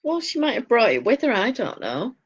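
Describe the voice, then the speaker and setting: A woman's voice: fairly high pitch, huge pitch swings, fairly quick, breathy edge. A woman with a Northern English accent, co-hosting a casual podcast chat, telling stories and laughing often. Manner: chatty storyteller, laughs often. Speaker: podcast co-host. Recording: dull lo-fi sound.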